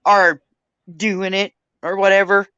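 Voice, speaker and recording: A woman's voice: medium pitch, flat delivery, takes it slowly, sharp tone, smooth, dry recording. A plain-spoken woman chats casually on a livestream, swearing without a second thought and laughing often. Her voice comes through a dull, dry, lo-fi stream mic. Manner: blunt, profane, laughs easily. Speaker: livestream host.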